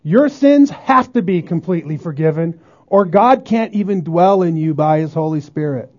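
A pastor preaching a sermon emphatically, often asking the congregation whether they agree. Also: male voice, fairly high pitch, animated, normal speed, a little mellow. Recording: dull lo-fi sermon recording.

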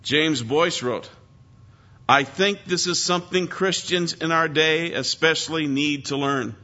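A man preaching an expository Bible lesson with a bright, forceful voice that sits a little high. He leans hard on key words and speaks earnestly. The recording sounds dull and lo-fi. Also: measured pace.

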